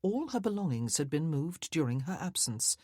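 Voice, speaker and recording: Low, husky woman reading a novel. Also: big pitch swings, moderate pace, a little mellow, no echo. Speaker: audiobook narrator. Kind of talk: scripted audiobook narration.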